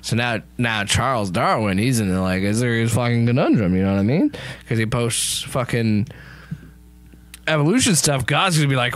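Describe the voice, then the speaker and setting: A man co-hosting a comedy show, casually rambling through a made-up movie pitch, laughing and swearing as he acts out the dialogue. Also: lively intonation, moderate pace. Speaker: podcast co-host pitching a movie.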